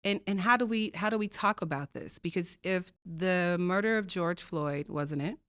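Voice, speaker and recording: Earnest low-voiced woman, dry close sound. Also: moderate pace, a bit bright, no room sound. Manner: earnest, emphatic, uses rhetorical questions. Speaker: diversity co-chair and faculty guest. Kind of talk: reflective conversational storytelling.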